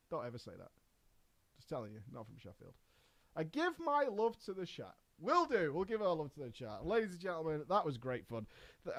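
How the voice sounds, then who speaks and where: A man with a northern English accent hosting a casual live stream, exclamatory and quick to laugh. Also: on the high side. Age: adult. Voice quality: animated, exclamatory, laughs often. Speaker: streamer host.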